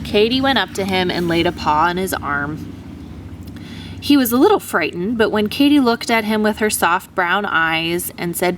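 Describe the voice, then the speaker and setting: A woman teacher reading a children's storybook aloud in an expressive, animated way. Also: medium pitch, normal speed, slight background noise.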